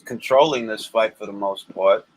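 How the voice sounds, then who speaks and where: A man hosting a livestream, talking boxing in an animated, joking and blunt way. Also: on the low side, moderate pace, dry recording. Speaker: livestream host. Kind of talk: casual boxing chat.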